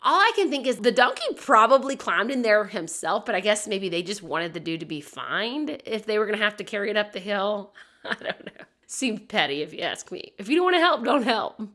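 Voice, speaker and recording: A woman hosts a history podcast, walking through odd stories in a chatty, amused way. Her voice is bright and forward, and she laughs between points. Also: mid-range voice, big pitch swings, fairly quick. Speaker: podcast host. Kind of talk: casual history storytelling.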